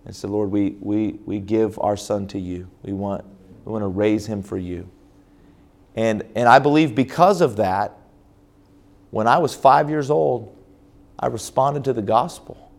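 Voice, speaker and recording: A man's voice: lowish voice, measured pace, creaky. A man preaching as a pastor at a church conference, telling a personal story with frequent restarts and fillers. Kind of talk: sermon testimony.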